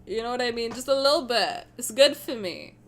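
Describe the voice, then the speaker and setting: A woman's voice: on the high side, fairly quick. A young woman streaming a game, chatting playfully with her chat, teasing and swearing freely. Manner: answers chat messages aloud. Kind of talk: casual livestream chat.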